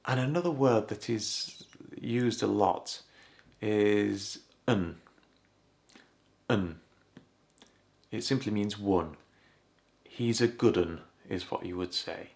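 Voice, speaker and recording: A man's voice: lowish voice, gravelly, a little mellow. A man from Leeds with a Leeds Yorkshire accent, teaching an English lesson and acting out short local phrases as examples. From Leeds, England. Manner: explains slowly, acts out short Yorkshire phrases. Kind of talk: scripted language lesson.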